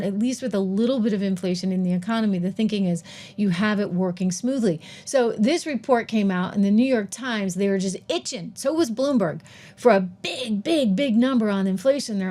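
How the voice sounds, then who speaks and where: A woman's voice: medium pitch, brisk, a little mellow. A middle-aged woman hosting her own commentary show on the economy, emphatic and mocking, talking straight to her viewers. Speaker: host.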